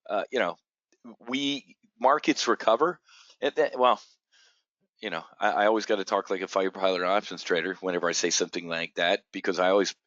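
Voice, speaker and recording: A man's voice: sits low, fairly bright tone, no echo. A man hosting an options trading show, giving an unscripted, blunt and profane market rant full of stammered restarts. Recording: dull, dry lo-fi audio.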